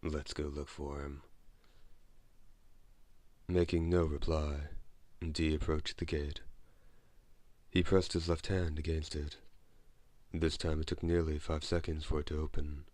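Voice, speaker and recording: Very deep-voiced male audiobook narrator. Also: dry recording. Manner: measured, steady reading. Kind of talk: scripted narration.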